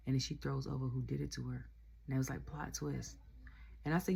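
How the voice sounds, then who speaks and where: A woman's voice: rumbling low, brisk, vocal fry. A woman recapping a wrestling show in a casual rant, laughing often and acting out quotes. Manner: laughs often, animated retelling with quoted voices.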